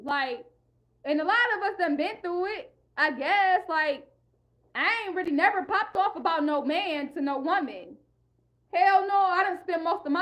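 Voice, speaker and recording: A woman's voice: very high voice, fairly bright tone. A young woman vlogger in a heated, profane rant, repeating herself and speaking in an African American English style. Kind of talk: ranting monologue.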